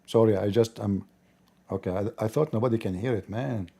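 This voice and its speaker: Gravelly sarcastic man. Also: on the low side, brisk, mellow. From Arab world. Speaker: host reacting to news clips. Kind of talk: mocking live commentary.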